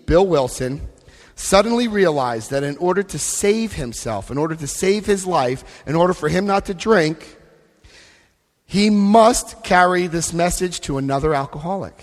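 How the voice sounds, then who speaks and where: A man giving a recovery talk at a convention, emphatic, repeating key phrases and asking the crowd questions. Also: a little high. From United States. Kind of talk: recovery talk with book reading. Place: convention hall. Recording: long hall reverb.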